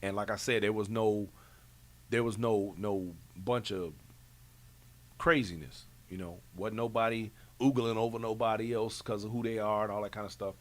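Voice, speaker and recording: A man's voice: fairly low pitch, moderate pace. Laid-back man hosting. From Chicago. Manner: relaxed, emphatic, slangy Chicago talk. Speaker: show host. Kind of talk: casual recap chat.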